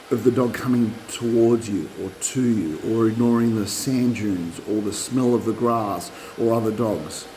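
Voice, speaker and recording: Male dog trainer, middle-aged, mellow-toned, animated and repetitive, recorded on a propped-up phone. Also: mid-range voice, a little hiss or hum, low-quality recording. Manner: animated, repeats himself, acts out dog voices. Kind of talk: casual instructional talk.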